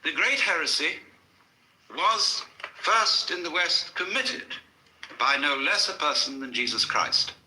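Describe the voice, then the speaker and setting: Wry, lively male lecturer in a hall. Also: fairly high pitch, slow pace, slight background noise. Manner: wry, storytelling, with dry asides. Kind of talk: public lecture to a live audience.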